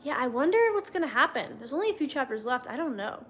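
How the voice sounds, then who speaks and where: A young woman reads fanfiction aloud on a livestream, a casual read-aloud she interrupts with wry, chatty asides to her viewers. Her voice is high, sing-song, and fast.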